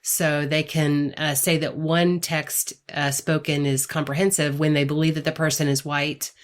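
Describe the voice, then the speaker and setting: Low-voiced woman explaining research carefully. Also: level tone, moderate pace. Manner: careful, hedging with fillers. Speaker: guest, academic. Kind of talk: measured academic explanation.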